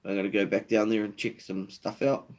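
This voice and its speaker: A man's voice: on the low side, flat delivery, a little fast. Laid-back New Zealand man streaming live. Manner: laid-back, swears freely, reads out viewer comments. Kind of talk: casual live-stream chat.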